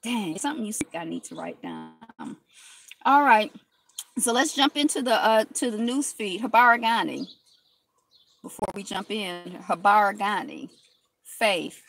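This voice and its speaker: A woman's voice: medium pitch, very animated, unhurried, gravelly, a bit bright, a little hiss or hum. A woman with a cold, hosting a casual live stream from inside a car, chatting with viewers and greeting them by name. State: has a cold.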